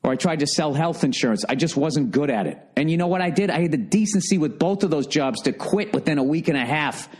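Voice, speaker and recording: A man hosting a solo comedy podcast, ranting profanely and swinging from shouted outbursts to low grumbling. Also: expressive, quick pace, hardly any pauses, slightly rough. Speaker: podcast host.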